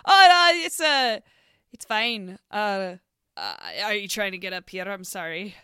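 An awkward, hesitant halfling woman in a tabletop game, played by a woman, stumbling over her words. Her voice is bright and rises and falls a lot. The sound is dry and close. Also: mid-range voice, animated, unhurried, smooth, no room sound. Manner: flustered, hesitant, stammering. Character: awkward female halfling adventurer, socially rusty.

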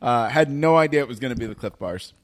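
A man's voice: medium pitch, animated, quick pace. A man co-hosting a casual food taste-test, reacting with groaning, exaggerated disgust.

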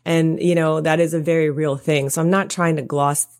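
A woman with a notably low voice speaks as a podcast guest and coach. She offers practical, encouraging advice in a relaxed, conversational way. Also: moderate pace. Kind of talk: casual interview chat.

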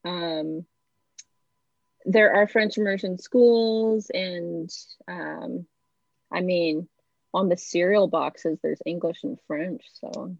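A woman's voice: lowish voice, fairly even intonation, slow pace, creaky, no echo. A Canadian woman guest on a video call, chatting casually and giggling easily as she tells stories. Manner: easygoing, giggly storyteller. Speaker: podcast guest. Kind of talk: casual chat. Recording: dull lo-fi call audio, dry.

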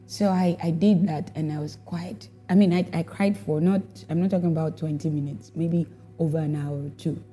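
A woman's voice: sits low, steady tone, normal speed, mellow, breathy edge, faint music behind. A woman telling a personal testimony about serving as a worship leader, reflective and emotional, repeating herself as she goes. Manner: reflective, emotional storytelling with repetitions.

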